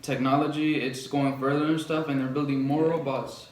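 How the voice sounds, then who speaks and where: A young man co-hosting a casual podcast chat, hesitant and filling pauses with ums. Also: medium pitch, flat delivery. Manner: hesitant, lots of ums and uhs. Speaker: podcast co-host. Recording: echoey room with faint noise.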